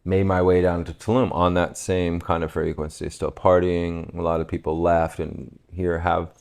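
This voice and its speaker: A man from West Virginia, a podcast guest, telling a relaxed, reflective story and laughing at himself. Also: deep voice, moderate pace, creaky. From West Virginia, USA. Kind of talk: casual storytelling conversation.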